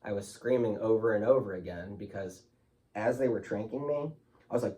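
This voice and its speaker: A man's voice: lowish voice, a little fast, mellow, far from the mic. A man speaking as a guest in an interview, telling his story candidly and emotionally, loose with fillers like "like" and "you know".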